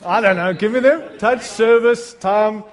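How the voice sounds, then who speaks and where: A man's voice: high-pitched, a little slow, long reverb tail. A middle-aged male pastor preaching a sermon, mixing humorous, self-deprecating stories with fervent appeals to the congregation.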